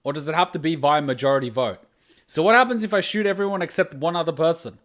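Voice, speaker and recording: Male gamer, high-ish voice, excitable rambling playthrough commentary. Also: quick pace. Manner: excitable, swears in reactions, rambles into tangents. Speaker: gaming YouTuber. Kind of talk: let's play reaction commentary.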